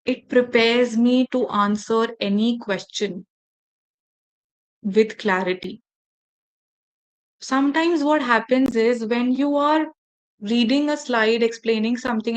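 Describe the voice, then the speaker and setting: A woman running a workshop for teachers, speaking in a measured, deliberate way with emphatic pauses and direct instructions to her audience. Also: fairly high pitch, low-quality recording. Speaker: faculty development trainer.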